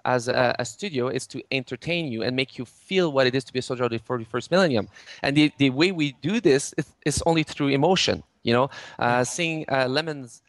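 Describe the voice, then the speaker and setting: Man explaining, halting restarts. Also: medium pitch, no echo. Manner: many restarts and fillers, gestures while explaining. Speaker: game studio head. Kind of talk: interview, explaining game mechanics.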